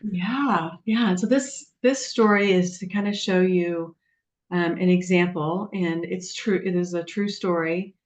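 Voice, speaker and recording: A woman coach telling client stories on a webinar, animated and acting out the voices of the people she quotes. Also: on the low side, unhurried. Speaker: guest coach. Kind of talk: storytelling on a webinar. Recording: dull, lo-fi webinar audio.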